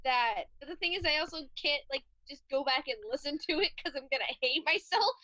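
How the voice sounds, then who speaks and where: A very high, bright woman's voice that bounces around a lot, playful and teasing. She co-hosts a casual podcast and giggles her way through the chat. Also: expressive, fairly quick, dry recording. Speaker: podcast co-host.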